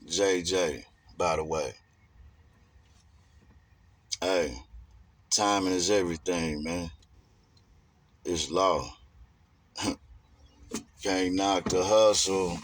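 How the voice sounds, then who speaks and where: A man's voice: deep voice, extremely slow, pauses often, no room sound. A man giving a rambling, emphatic casual monologue in streetwise slang.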